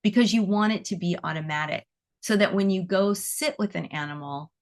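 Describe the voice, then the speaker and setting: A woman's voice: medium pitch, brisk. A woman teaching animal Reiki in a casual, chatty talk, using many fillers and acting out inner dialogue. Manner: chatty, acts out inner dialogue in quoted voices; frequent "like" and "you know" fillers. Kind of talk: casual spoken talk to a class.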